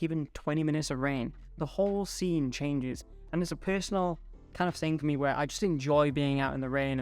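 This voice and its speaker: A man with a slightly high voice talks relaxed and chatty to his camera from home, enthusing to his viewers. Faint music plays behind him. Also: clean tone. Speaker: photography video creator. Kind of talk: casual talk to camera. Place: indoors at home. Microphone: home studio mic.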